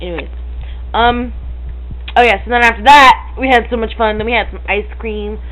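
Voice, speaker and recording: A woman's voice: on the high side, moderate pace, a bit bright, rough recording. A teenage girl chatting to a webcam at home, hyper and giggly, rambling and breaking into silly noises. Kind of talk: casual chat to camera.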